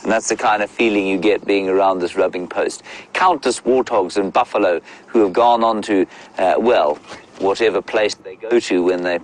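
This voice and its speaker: Standing beside a safari vehicle out in the bush, a middle-aged male guide answers viewers' questions in a wry, long-winded live chat. He has a lowish voice at a moderate pace, captured with poor audio.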